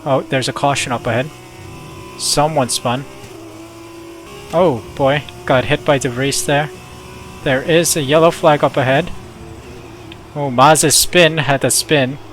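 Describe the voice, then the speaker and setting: A young man, a gaming YouTuber, giving casual commentary as he plays with chatty, excitable reactions. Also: medium pitch, slow, long pauses, faint music behind.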